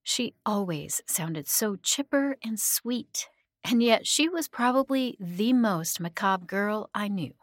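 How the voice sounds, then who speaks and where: Soft-spoken woman narrating a horror story. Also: medium pitch, animated, slow pace, no room sound, studio quality. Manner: soft-spoken, often dropping to a hushed whisper.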